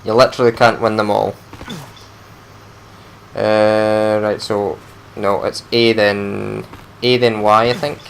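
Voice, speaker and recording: A man's voice: on the low side, flat delivery, slow, vocal fry, pauses often, slight background noise. A man giving casual let's play commentary as he plays, chatting to himself and grumbling when things go wrong. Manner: chatty, talks to himself while playing, frustrated outbursts.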